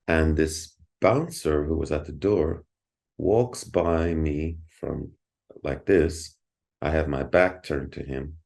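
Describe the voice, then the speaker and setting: Deep-voiced middle-aged man, podcast guest, animated storyteller with frequent laughs and restarts. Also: gravelly. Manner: animated, repeats words, laughs often. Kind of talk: casual storytelling.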